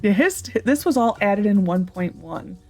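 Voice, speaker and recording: A woman's voice: mid-range voice, animated, moderate pace, darkish tone, faint music behind. Chatty woman narrating her gameplay. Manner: chatty, thinking aloud while playing. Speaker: gaming channel host. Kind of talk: casual let's-play commentary.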